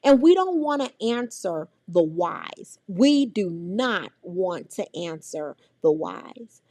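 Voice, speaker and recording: A middle-aged woman, teaching a parenting workshop in an animated way and acting out the voices of scolding adults and children. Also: mid-range voice, no echo, clean studio sound. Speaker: early childhood trainer.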